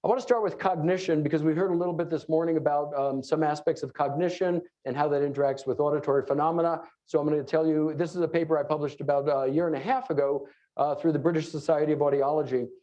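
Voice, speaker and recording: A middle-aged man from New York City with a New York accent, giving a fast, joking conference talk full of fillers. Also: a little high, fairly even intonation, mellow. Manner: fast-talking, joking asides, many fillers. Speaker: conference lecturer. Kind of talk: live conference presentation. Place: conference room before an audience. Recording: dull lo-fi room recording.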